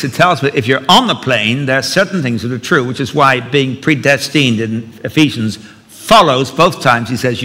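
Bright-voiced preacher in a reverberant hall. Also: male voice, medium pitch. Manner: storytelling with wry humor. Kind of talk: sermon.

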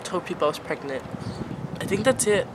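A woman's voice: on the low side, lively intonation, a little fast, noisy background. A young woman in her late teens telling a casual storytime vlog, rambling and filling nearly every phrase with "like" and "um.". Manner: rambling, filler-heavy, says "like" constantly. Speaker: vlogger.

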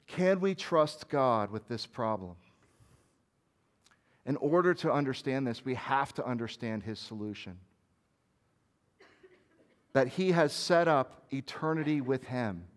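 A man preaching a sermon as senior pastor, moving between soft, hushed passages and forceful peaks, with casual conversational asides. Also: mid-range voice, expressive, measured pace, pauses often. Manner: conversational asides with fillers like "right?" and "like".

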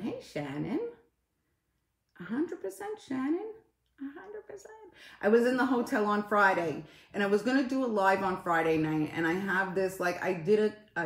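A woman's voice: lowish voice, roomy sound. A woman on a casual live stream, swearing a lot and greeting viewers in the middle of her story.

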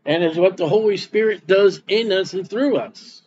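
A man's voice: sits high, normal speed, darkish tone, highs cut off, slight background noise. A man preaching a sermon as pastor, folksy and repetitive, reading scripture aloud between his comments. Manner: folksy preaching with repeated words and Bible reading.

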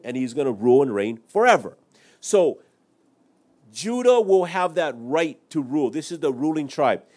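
A man's voice: on the high side, a little mellow. A middle-aged man pastor preaching a Bible-teaching sermon, citing chapters and verses and explaining them in plain words with the odd aside. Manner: expository preaching with scripture citations and asides.

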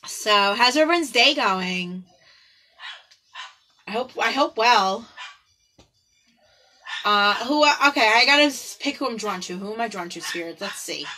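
A woman giving casual tarot readings on a livestream, chatty and giggly, dropping into soft prayers to her spirit guides. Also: on the high side, expressive, measured pace, long pauses, poor audio. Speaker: tarot card reader. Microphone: phone or computer on a live video stream.

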